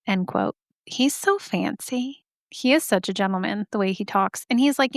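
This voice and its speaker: A woman's voice: mid-range voice, normal speed, no echo, clean studio sound. A woman hosting a podcast, telling a story casually with joking asides and lots of "like". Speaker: podcast host.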